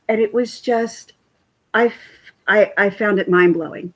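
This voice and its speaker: This vlogger, a woman in her forties with a husky, mid-range voice, talks in an unhurried way to live viewers over a computer mic. The casual livestream chat is full of her rambling, animated stories.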